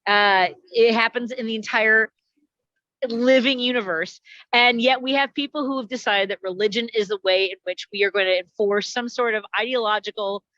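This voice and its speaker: A woman's voice: a little high, steady tone, normal speed, bright, forceful tone, dry recording, lo-fi sound. A woman comedian delivering a wry, chatty stand-up monologue over a video call.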